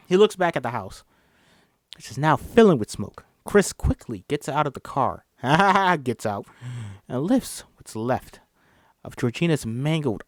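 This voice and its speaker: A man's voice: medium pitch, dry recording, studio quality. A man reading a film script aloud in a casual way, often stumbling, correcting himself, and apologizing. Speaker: script reader.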